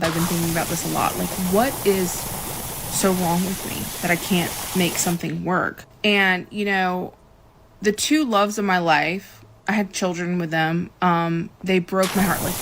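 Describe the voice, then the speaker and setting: A woman's voice: fairly low pitch, steady tone, moderate pace, noisy background. A woman in her thirties earnestly telling her own story of heartbreak, her voice rising as she relives moments. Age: 30s. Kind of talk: emotional personal storytelling.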